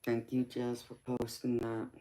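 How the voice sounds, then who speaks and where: This Southern Georgia-accented livestream host and tarot reader, from the Southern US, reads viewer comments, laughs a lot and uses honey and sweetheart. She speaks unhurriedly in an extremely low, mellow voice with a completely flat delivery.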